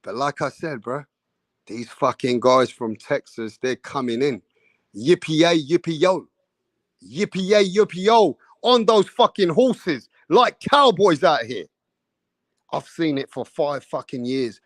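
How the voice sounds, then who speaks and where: A man hosting a boxing livestream, talking in an excitable, profane, hype way. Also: medium pitch, unhurried, no echo. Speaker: boxing YouTube host. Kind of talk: casual livestream chat.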